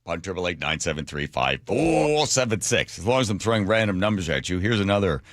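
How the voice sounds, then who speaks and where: Middle-aged male radio host, lively low voice, dry studio sound, self-mocking storyteller. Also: a little fast, no room sound. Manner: animated, self-mocking, laughs at his own stories. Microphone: studio microphone.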